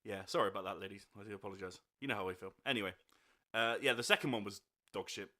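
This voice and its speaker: A man's voice: lowish voice, fast talker, bright, forceful tone. A man hosting a casual podcast chat, teasing and joking with his guest and laughing easily. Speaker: podcast host.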